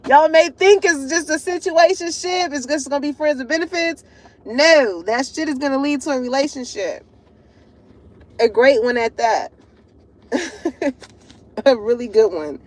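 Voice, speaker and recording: A tarot reader with a high voice gives a casual reading directly to her viewers at a measured pace with long pauses. She's animated and full of slang, and laughter keeps breaking through.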